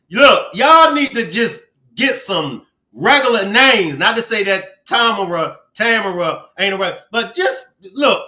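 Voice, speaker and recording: Here the Baltimore man's pitch is high and his tone bright and pushed as he runs his laid-back stream, teasing the audience and saying viewer names aloud. There's a roomy echo around him.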